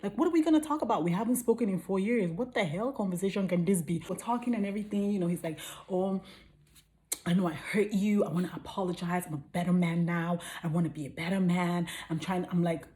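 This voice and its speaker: A young woman tells a story to her phone's front camera in a relaxed, chatty way. Her delivery is playful and animated, and now and then she breaks into high, silly bursts. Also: quick pace. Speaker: vlogger telling a story. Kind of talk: casual storytime chat.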